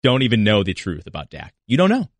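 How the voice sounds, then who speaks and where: A man's voice: fairly low pitch, wildly swooping pitch, fast talker, no echo. A man co-hosting a sports talk radio show, arguing in a back-and-forth way. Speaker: radio co-host.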